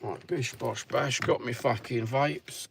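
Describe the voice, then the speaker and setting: This vlogger is a middle-aged man with an East London Cockney accent, chatting casually at the wheel in a blunt, rambling, sweary way. He speaks slowly in a creaky mid-range voice with fairly even intonation. Car noise sits behind him throughout.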